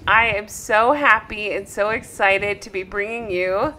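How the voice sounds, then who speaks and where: Woman, travel vlog host, excited chatty gushing, tired from travel, bright voice, travel mic. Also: mid-range voice, a little slow, few pauses. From United States.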